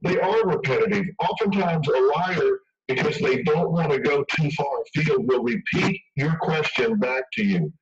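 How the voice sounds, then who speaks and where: A man's voice: on the high side, moderate pace, hardly any pauses. A man speaking as an expert guest in a radio interview, emphatic and conversational, acting out quoted lines. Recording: dull radio broadcast from far off.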